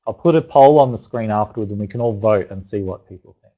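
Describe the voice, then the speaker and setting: A man presents a live parenting webinar online, chatty and encouraging, talking loosely to his audience with restarts and asides. His voice is fairly low and quick, and the audio sounds narrow and tinny.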